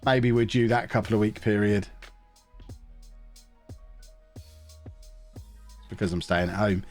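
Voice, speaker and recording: A man's voice: lowish voice, measured pace, soft background music. Sniffly, chatty game streamer man. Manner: chatty, rambling, answering chat as he plays. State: sniffly, stuffed-up nose. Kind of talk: casual live-stream chat while playing a football management game.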